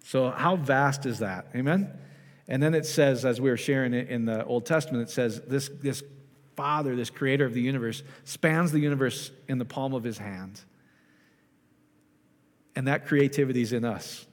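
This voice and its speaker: A man preaching in a relaxed, conversational way, tossing questions out to the congregation and circling back on his own sentences. His voice sits at an ordinary middle pitch. A long reverb trails behind him in the hall. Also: normal speed. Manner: chatty, asks the congregation questions, many restarts. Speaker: pastor. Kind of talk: casual conversational sermon.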